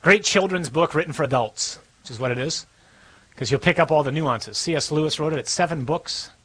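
Husky-voiced man preaching conversationally. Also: a little high, a bit bright, low-quality recording. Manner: conversational preaching, storytelling with slow dramatic pauses. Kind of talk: sermon.

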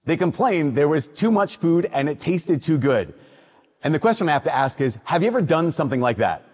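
A man's voice: on the high side, big pitch swings, brisk, a little mellow, breathy edge. A man from Minnesota reading the Gospel and then preaching a conversational sermon as a priest. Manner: conversational, acts out quoted voices. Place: church. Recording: long reverb of a large church.

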